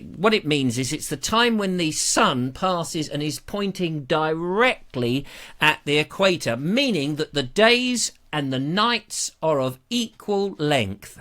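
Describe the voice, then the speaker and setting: Brief: chatty English male live-stream host, bright and animated, rambling jokey storyteller. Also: a little high. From England. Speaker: host of a live online show. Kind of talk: casual live-stream chat reading viewer comments. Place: back room at home. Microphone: camera.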